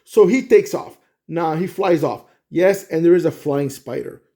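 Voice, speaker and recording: A man casually pitching a movie plot, rambling with restarts and frequent "okay?" check-ins. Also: unhurried, gravelly, mellow. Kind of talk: casual storytelling monologue.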